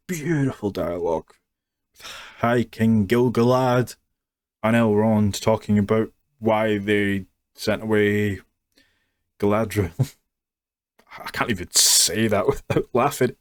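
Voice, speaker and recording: A man ranting through a sarcastic, mocking review at an unhurried pace. His voice sits at a middle pitch. The recording is dry and close. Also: no echo. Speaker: YouTube reviewer.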